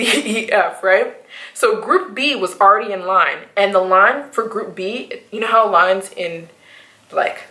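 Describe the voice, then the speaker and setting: A woman's voice: medium pitch, reverberant, low-quality recording. A young woman from the United States telling a rambling storytime vlog, full of fillers and quoted asides. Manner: animated, rambling retelling with many fillers and acted quotes. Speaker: vlogger.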